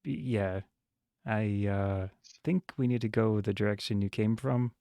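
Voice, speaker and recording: A man's voice: fairly low pitch, measured pace, dark tone, no echo, clean studio sound. A man playing in a tabletop game, talking in character in a hesitant way with many fillers. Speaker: player. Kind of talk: casual tabletop game chat.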